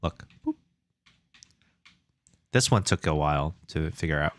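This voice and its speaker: A young man with an expressive bass voice speaks at a measured pace, streaming game development from home into a desk mic. He chats casually and rambles, reading chat aloud and making self-deprecating jokes.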